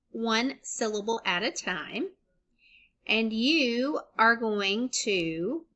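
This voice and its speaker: Bright, slow-talking woman teaching phonics. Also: a little high. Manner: slow, clearly segments sounds and syllables, encouraging. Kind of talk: recorded phonics lesson for young children.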